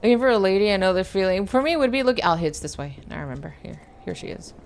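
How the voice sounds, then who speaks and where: A woman's voice: mid-range voice, animated, fast talker, vocal fry. A woman VTuber streaming a game, chatting playfully with her viewers and answering chat. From United States. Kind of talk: casual gameplay stream chat.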